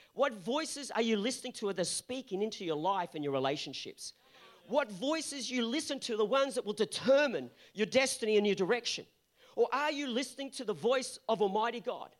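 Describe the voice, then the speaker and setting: Man, pastor, high voice, earnest emphatic sermon. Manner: earnest preaching with rising emphatic peaks.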